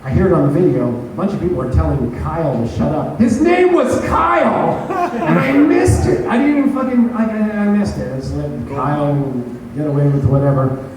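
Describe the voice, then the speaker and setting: दूर से आती, गूंजती आवाज़ में गालियों भरा किस्सा सुनाता आदमी. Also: male voice, a little high, fast, background noise. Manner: profane, self-mocking, animated retelling. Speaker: stand-up comedian telling a story. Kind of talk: casual storytelling chat. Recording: echoey room, voice from a distance.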